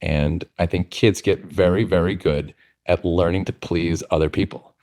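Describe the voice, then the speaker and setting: Low-voiced, earnest male guest. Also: fairly even intonation, normal speed, darkish tone. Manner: earnest, reflective. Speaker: guest author. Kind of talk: casual conversation, storytelling.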